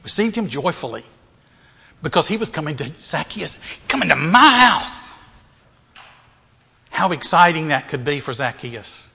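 A man's voice: on the high side, lively intonation, moderate pace, gravelly, bright, forceful tone, husky. A male pastor preaching a sermon, asking rhetorical questions and repeating phrases for emphasis, in a church. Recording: reverberant hall.

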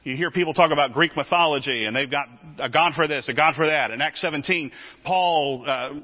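Animated man preaching a teaching sermon. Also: a little high, muffled recording. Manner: animated, repeats words while teaching.

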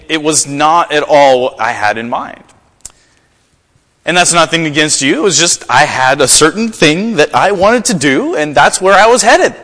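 A man preaching a sermon to a congregation, telling stories in an animated way. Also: long reverb tail. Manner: animated storytelling, rising pitch in acted quotes. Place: church.

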